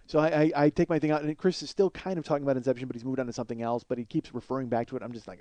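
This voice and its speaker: A man's voice: a little high, fairly even intonation, very fast, few pauses, dark tone, no room sound. A middle-aged man hosting a podcast, telling a long comic story in a rambling, profane, self-mocking way. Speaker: podcast host. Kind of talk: comedic storytelling monologue.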